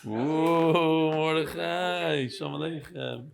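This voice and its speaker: Male rabbi, upper-middle voice, animated and teasing, casual banter with the audience. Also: fairly high pitch, takes it slowly, vocal fry, crowd noise. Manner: animated, teasing, calls out people by name. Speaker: rabbi leading a daily study class.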